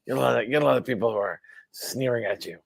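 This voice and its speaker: A man's voice: medium pitch, rapid-fire, creaky, no room sound. A middle-aged man from the US East Coast, a stand-up comedian guesting on a live video chat, talking in a dry, rambling way with repeated words. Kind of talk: casual chat.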